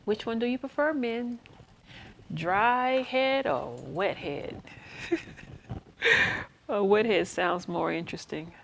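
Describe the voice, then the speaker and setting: A woman's voice: medium pitch, takes it slowly, creaky, long pauses, a bit bright, a little hiss or hum. A woman hosting a casual live stream, chatting frankly and answering questions from her viewers. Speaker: host.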